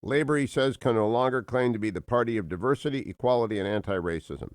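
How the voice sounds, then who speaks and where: A man hosting a talk radio show from a studio, reading the news in a booming, theatrical way. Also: fast, no room sound. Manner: booming, theatrical, laughs at own jokes. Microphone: studio microphone.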